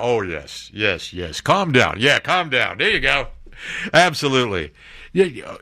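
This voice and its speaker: Animated, sarcastic man reading the news. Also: mid-range voice, unhurried, no room sound, clean studio sound. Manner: animated and sarcastic, breaks in with asides and jokes. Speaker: commentary show host. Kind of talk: reading news aloud with running commentary.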